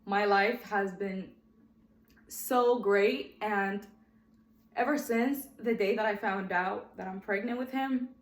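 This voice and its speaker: Speaking slowly in a mid-range voice within an echoey room, a woman in her twenties tells her life story on her own podcast. She is chatty and sincere, often saying "guys," and gets emotional, close to tears at times.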